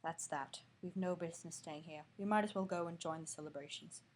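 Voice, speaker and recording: A woman reading aloud, voicing a calm, wise old male wizard who speaks quietly and evenly. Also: on the low side, a little fast, slight background noise, natural voice. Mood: resigned. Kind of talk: audiobook-style reading.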